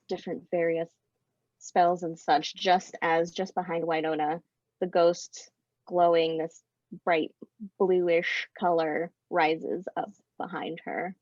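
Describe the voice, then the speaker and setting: A woman improvises a spooky story for a panel, casual and lively. Her voice is slightly low and gravelly. The recording is dull and lo-fi. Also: slow pace, dry recording. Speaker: convention panelist.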